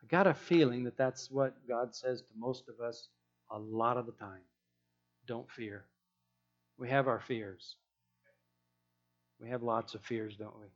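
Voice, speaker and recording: A man's voice: medium pitch, a little slow, pauses often, dull audio. A man preaching a sermon in a conversational way, with rhetorical questions and restarts.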